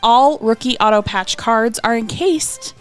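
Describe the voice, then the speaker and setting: A woman's voice: fairly high pitch, measured pace, faint music behind. A woman co-hosting a podcast, reading out release details and adding dry asides. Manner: reads details, then adds dry asides. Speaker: podcast co-host.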